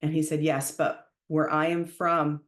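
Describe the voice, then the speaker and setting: A woman hosting a podcast, retelling a story in a casual, emphatic way and raising her voice when she quotes herself shouting. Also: low voice, flat delivery, a little slow, echoey room. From Canada. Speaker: podcast host.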